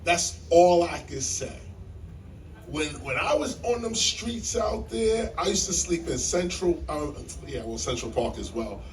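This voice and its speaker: A man telling a story to a live audience in a library hall, animated and emphatic like a preacher, repeating key lines and jumping in pitch. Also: a little slow, far from the mic, slight background noise. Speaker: guest speaker on stage.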